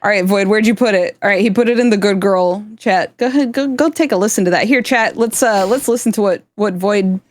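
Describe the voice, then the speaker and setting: A woman livestreaming in casual chat, laughing and teasing with a loose, swearing manner. Her voice sits at a middle pitch and sounds close and dry. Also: brisk, few pauses, dry recording.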